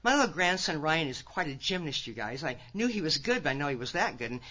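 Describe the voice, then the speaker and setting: Folksy older woman, bright and quick. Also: low-pitched, dull audio. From Nebraska, USA. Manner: folksy and animated, direct asides to listeners. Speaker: conference speaker. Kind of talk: recovery talk to a large audience.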